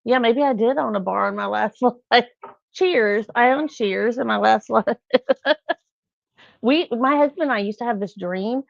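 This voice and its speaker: A middle-aged woman chats on a live stream, rambling from one anecdote to the next. Her voice carries a gravelly fry. The sound is dry and a little dull, with no room around it. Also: on the high side, a little slow, no echo. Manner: chatty, rambling, acts out quotes with laughs. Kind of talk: casual live-stream chat.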